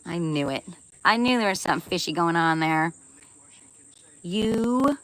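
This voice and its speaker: A woman's voice: lowish voice, lively intonation, moderate pace, a bit bright, no room sound, rough recording. A woman chatting casually on her live stream, playful and laughing often as she reads and answers viewer comments, swearing now and then.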